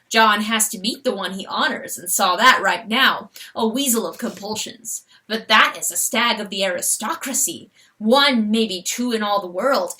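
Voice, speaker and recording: Brief: woman storybook narrator, bright voice, expressive reading, slightly off-mic. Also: mid-range voice, normal speed, far from the mic. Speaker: audiobook narrator.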